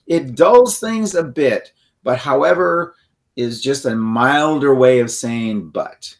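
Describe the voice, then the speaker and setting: A man's voice: medium pitch, expressive, slow pace. A man co-hosting a self-help podcast, explaining ideas in a loose, rambling way and acting out example phrases. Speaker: podcast co-host. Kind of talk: conversational teaching.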